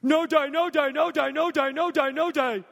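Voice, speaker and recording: Cast: a man playing a scared three-year-old boy, high and pleading, childlike whine, voice bouncing in a big hall. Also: fast talker. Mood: panicked pleading.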